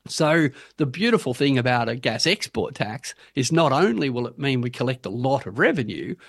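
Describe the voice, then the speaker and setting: An Australian man making his case in an interview, animated and emphatic, with sharp rhetorical turns. His voice sits at an ordinary pitch for a man. The recording is close and dry, with no room sound. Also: moderate pace, vocal fry, no room sound. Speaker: guest policy advocate. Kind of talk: interview, arguing for a policy.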